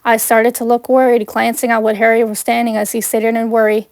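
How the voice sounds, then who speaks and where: With little movement in her slightly high pitch, a woman briskly reads her own fan fiction aloud in the first person, plain and earnest. The audio is dry and close, free of room echo.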